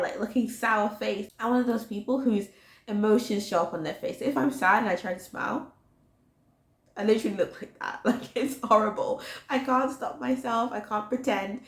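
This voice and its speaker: A woman in her twenties telling a personal story in a chatty, animated way, full of "like". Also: a little high, moderate pace, creaky. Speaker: vlogger. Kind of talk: storytime vlog. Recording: roomy echo.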